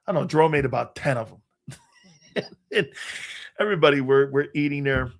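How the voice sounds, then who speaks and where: A man's voice: medium pitch, brisk, gravelly. An older man from Connecticut, a sports show host and former player, telling rambling anecdotes in a casual way with lots of restarts and some swearing. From Connecticut, United States. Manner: rambling anecdotes, frequent restarts and fillers, profane.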